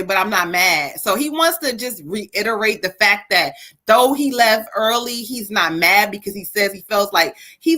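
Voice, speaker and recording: Giggly, bright-voiced woman tarot reader. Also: on the high side. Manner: giggly, animated, swears freely. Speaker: psychic reader. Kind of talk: live tarot reading. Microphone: webcam or phone on a live stream.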